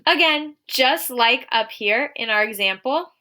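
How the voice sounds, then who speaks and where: Slightly high and animated, with a sharp tone, a young woman's voice guides young children through a recorded lesson. She sounds clear and encouraging and takes example sentences at a slower pace as she reads them.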